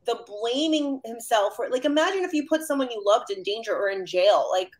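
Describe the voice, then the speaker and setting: A woman on a panel discussion, talking in an animated way with quick asides and many fillers. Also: on the high side. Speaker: counselor panelist.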